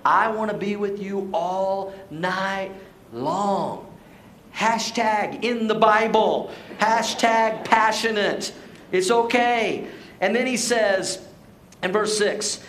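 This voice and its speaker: A man's voice: high-pitched, a bit bright, reverberant, a little hiss or hum, low-quality recording. A man preaching a sermon as pastor to his church, playful and joking, then pressing his points with emphasis. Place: church sanctuary.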